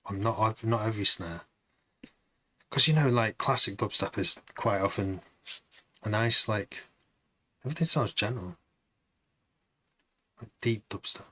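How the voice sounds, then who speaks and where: A man's voice: lowish voice, a little slow, pauses often, bright, forceful tone. A man producing music on a live stream, chatting to viewers in a rambling, casual way.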